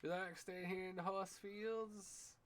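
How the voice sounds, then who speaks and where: A man's voice: sits high, steady tone, slow, fairly bright tone. A man streaming a game in casual commentary, chatting playfully to the characters on screen with lots of little exclamations.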